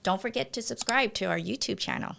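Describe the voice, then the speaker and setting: A woman's voice: mid-range voice, brisk, creaky, bright, forceful tone. A woman co-hosting a podcast, eager and enthusiastic, chiming in with agreement. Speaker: podcast co-host. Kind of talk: casual podcast chat.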